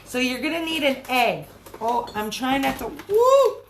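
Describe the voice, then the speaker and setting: Woman from Michigan, friendly live-stream cooking host, slightly high voice, roomy kitchen sound. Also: moderate pace, a little hiss or hum. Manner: chatty, greets viewers by name between recipe steps. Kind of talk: casual live cooking chat. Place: home kitchen.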